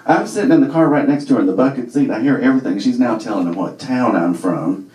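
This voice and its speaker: A man's voice: medium pitch, fast, darkish tone. A man from Alabama, telling a comic story to a live audience in a wry, conversational way full of fillers. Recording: echoey room, voice from far off.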